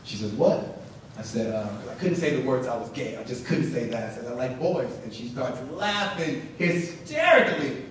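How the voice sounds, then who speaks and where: Man, earnest storyteller, mid pitch, distant mic, very reverberant hall. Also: sing-song, moderate pace, a little hiss or hum. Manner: earnest storytelling, acts out dialogue. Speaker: speaker at a symposium. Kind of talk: personal story told to an audience. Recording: echoey hall, voice from far off.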